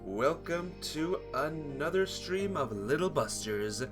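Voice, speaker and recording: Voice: mid-range voice, lively intonation, slow. A streamer reading a visual novel aloud, greeting viewers between lines. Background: guitar music.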